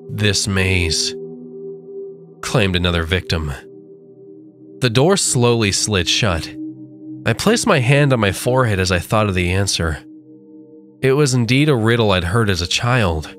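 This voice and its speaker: A man narrating a horror story in a slow, measured way. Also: on the low side, a bit bright.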